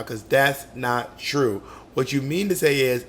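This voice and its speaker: A man's voice: medium pitch, lively intonation, a little slow, vocal fry, hardly any pauses, fairly bright tone, slight background noise. A man co-hosting a podcast, teasing playfully and giving advice in casual chat. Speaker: podcast co-host.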